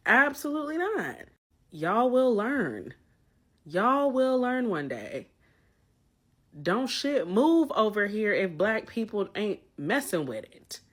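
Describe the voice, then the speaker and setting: A woman's voice: mid-range voice, big pitch swings, slow pace. A woman ranting in a blunt, profane, casual way. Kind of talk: casual rant.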